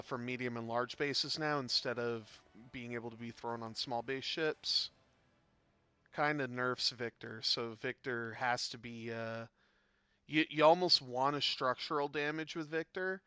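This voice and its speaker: Man, game caster, bright clear voice, rambling chatty delivery with loud bursts, faint music underneath. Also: mid-range voice, dry recording. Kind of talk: casual game commentary.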